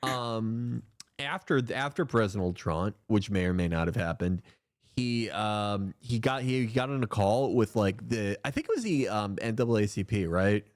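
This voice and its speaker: Lively sarcastic man on a stream. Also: on the low side, moderate pace, dry recording, clean studio sound. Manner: rambling, sarcastic, full of restarts. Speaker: stream co-host. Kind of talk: casual comedic chat.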